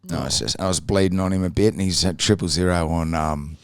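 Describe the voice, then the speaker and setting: Deep-voiced Australian man telling a story. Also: a little fast, clear, resonant tone, no echo. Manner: profane, blunt, animated retelling. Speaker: podcast host. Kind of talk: casual storytelling.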